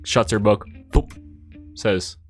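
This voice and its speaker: A man narrating as game master of a tabletop fantasy game, describing scenes in a relaxed, storytelling way. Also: lowish voice, slow, soft background music.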